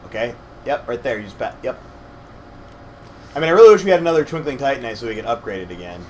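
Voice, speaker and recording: A young man walking his partner through a video game, his voice slightly scratchy and his tone mid-pitched. He explains things patiently and hedges his claims with self-deprecating asides. A faint hum runs underneath. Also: lively intonation, quick pace. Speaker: co-host gamer guiding his partner. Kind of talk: casual let's-play commentary.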